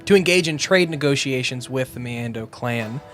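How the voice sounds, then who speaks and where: Rambling game master, casual narration. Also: male voice, mid-range voice, moderate pace, a bit bright, soft background music. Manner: casual, rambling, many fillers.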